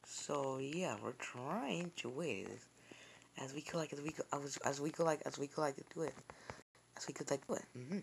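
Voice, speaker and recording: A woman's voice: low-pitched, moderate pace, gravelly, slight background noise. A woman giving live commentary while playing a game, rambling and jumpy, with many fillers and repeated words. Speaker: gamer.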